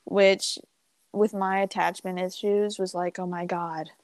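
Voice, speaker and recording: A woman's voice: on the low side, level tone, unhurried, no echo. A young woman in her teens telling a story in casual chat, rambling with lots of fillers and laughs. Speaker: podcast co-host.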